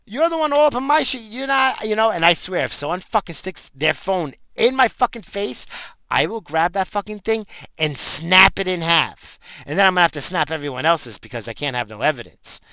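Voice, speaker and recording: Gravelly swearing man on a rant. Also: high-pitched, fairly quick, no room sound. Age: adult with a job and in-laws. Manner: angry, swearing constantly, animated outbursts. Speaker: vlogger ranting to camera. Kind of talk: profane comic rant.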